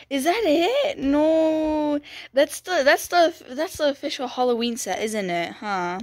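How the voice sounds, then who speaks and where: Young female gaming creator: bright high voice that swoops all over, gasps, gushes, dry close sound. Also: a little slow, dry recording. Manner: gushing and excitable, gasping, repeating "dude" and "bro". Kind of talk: excited game walkthrough commentary.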